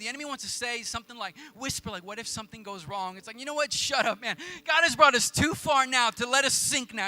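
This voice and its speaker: High bright-voiced preacher, man. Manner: animated storytelling, loose casual preaching. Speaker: pastor. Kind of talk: sermon. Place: church.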